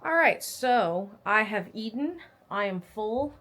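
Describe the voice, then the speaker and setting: A woman's voice: mid-range voice, expressive, slow pace, over music. A pregnant young woman vlogging casually, animatedly retelling a doctor's visit and acting out the quotes. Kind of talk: casual storytelling vlog.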